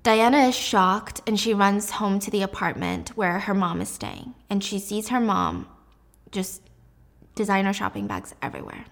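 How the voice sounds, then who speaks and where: Animated woman recapping a drama. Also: medium pitch, moderate pace, creaky. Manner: animated, expressive, laughs often.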